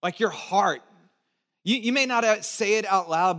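A pastor, a middle-aged man from the United States, preaches a sermon in church at a normal speed, his voice high for a man. His style is conversational, with the congregation repeating words after him and jokes sprinkled in, swinging between emphatic loudness and quiet, low tones.

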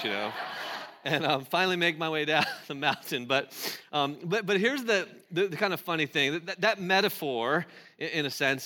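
A man's voice: on the high side, moderate pace. A man in his forties preaching a sermon, telling a funny personal story with laughs and acting out the other people's lines. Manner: animated, laughing, acts out quoted voices. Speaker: pastor.

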